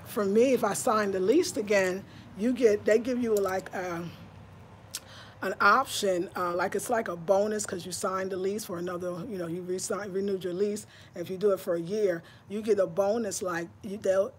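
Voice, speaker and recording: A woman's voice: medium pitch, slight background noise. A woman in her fifties from New York, chatting casually to her viewers from her home in a breezy, friendly way, as if talking to girlfriends. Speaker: lifestyle vlogger. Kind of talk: casual chat to the camera. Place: at home indoors.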